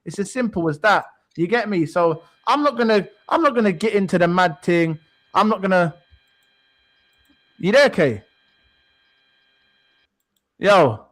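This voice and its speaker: A high-pitched man trades heated football banter on a podcast. He boasts and taunts, hammering the same point again and again. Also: animated, unhurried, long pauses, a bit bright. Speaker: podcast co-host.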